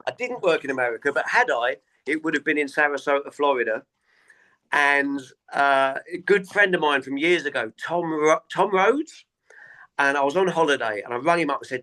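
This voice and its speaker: A man, a stand-up comedian, telling tour anecdotes in a relaxed interview and acting out the people he quotes. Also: mid-range voice, moderate pace. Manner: animated anecdotes, acts out quoted voices. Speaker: comedian guest. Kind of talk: casual interview storytelling.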